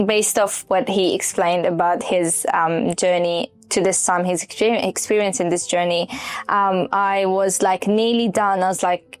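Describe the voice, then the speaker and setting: A woman from Afghanistan tells her story as an interview testimonial. She talks in an animated way and mimics the people she quotes. A soft musical bed plays quietly underneath. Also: medium pitch, moderate pace, faint music behind. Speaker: client sharing her story.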